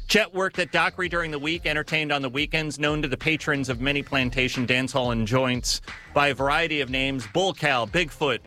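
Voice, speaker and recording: A man giving scripted narration on music history in a measured, storytelling manner with occasional self-corrections. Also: a little high, pushed and bright.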